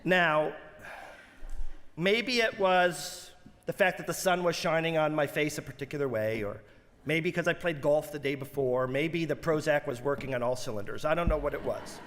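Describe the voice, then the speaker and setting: A rabbi delivers a holiday sermon in a high, carrying man's voice, spinning stories with animated flair. The sound rings with the long reverberation of a large sanctuary. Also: normal speed. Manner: animated storyteller, rising high and loud for quoted outbursts.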